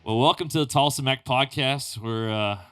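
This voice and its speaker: A man's voice: mid-range voice, normal speed, a bit bright, smooth, faint music behind. A man hosting a podcast in a studio, asking questions in a laid-back way. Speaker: podcast host. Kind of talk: casual chat.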